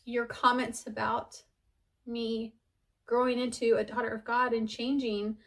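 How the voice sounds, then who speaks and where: A woman's voice: a little high, flat delivery, unhurried, fairly bright tone. A woman in her forties, talking in a heartfelt personal vlog, chatty and earnest, with many fillers. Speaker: vlogger sharing her conversion story.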